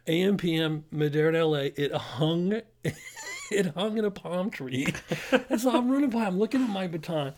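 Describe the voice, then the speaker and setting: A middle-aged man, a pastor and former police officer, telling a story casually and with animation, laughing through it. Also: on the high side.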